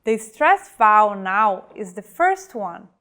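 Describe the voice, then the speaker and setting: Slow, careful woman teacher. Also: medium pitch, sing-song, a bit bright. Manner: slow, careful delivery, modelling example words. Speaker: language teacher. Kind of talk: scripted lesson narration.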